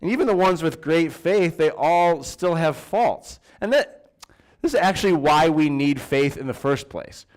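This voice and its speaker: A man's voice: on the high side, lively intonation, measured pace. A man preaching a sermon in a church, in a conversational way with fillers and restarts. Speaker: pastor.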